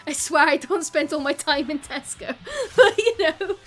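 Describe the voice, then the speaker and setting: A young woman with a Welsh accent chats away to her stream viewers, giggling and peppering her sentences with "like". Her voice sits high. Soft music plays faintly behind her. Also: animated, moderate pace. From South Wales. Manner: chatty, giggly, lots of "like". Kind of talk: casual live-stream chat.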